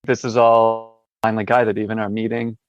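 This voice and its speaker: Guy in a hospital, slow and thoughtful, flat voice, dry close sound. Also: lowish voice, dry recording, lo-fi sound. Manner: reflective, hesitant, many fillers. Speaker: podcast guest. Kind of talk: interview conversation. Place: hospital room.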